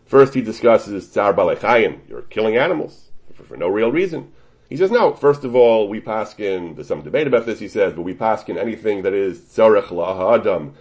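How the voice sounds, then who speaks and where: A man gives a Talmudic lesson, working through a rabbinic ruling with plenty of Hebrew and Yiddish terms. His voice sits a bit low and is slightly husky. His pitch moves a lot, rising and falling as he argues each point. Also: highs cut off. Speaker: Torah teacher. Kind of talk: Talmudic lecture.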